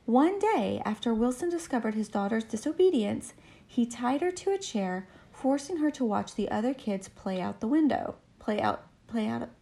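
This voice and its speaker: A female podcast co-host reads and chats in a brisk, teasing way. Her voice sits high and has a gravelly edge. Her pitch moves about a lot. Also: sing-song, warm tone. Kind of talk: podcast outro and storytelling.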